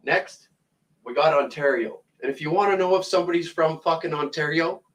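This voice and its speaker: A man's voice: on the high side, brisk, a bit bright, low-quality recording. A Canadian man delivering a profane, mocking comedic rant to camera, angry and blunt, swearing constantly. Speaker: comedic ranter.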